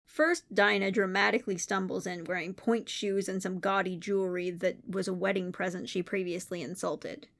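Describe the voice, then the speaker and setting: A woman's voice: mid-range voice, fairly even intonation, moderate pace, hardly any pauses. A woman giving an enthusiastic, detailed scripted narration of a film review.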